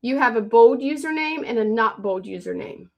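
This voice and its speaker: A woman hosting a phone live stream, pitching her courses fast and urgently, repeating herself and calling out viewers by name. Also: animated, gravelly, dull audio. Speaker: livestream host selling online courses.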